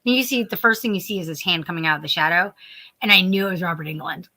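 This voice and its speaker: A woman co-hosting a nerdy chat show, her voice bright and clear. She talks in a rambling, animated way, restarting her sentences as she tells stories. She sounds a little sleepy. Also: fairly low pitch, fast talker. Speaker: podcast co-host. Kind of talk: casual chat.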